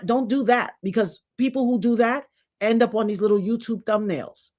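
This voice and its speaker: A woman's voice: mid-range voice, brisk. A middle-aged woman giving a blunt, emphatic commentary monologue, lecturing her viewers directly. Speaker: vlogger.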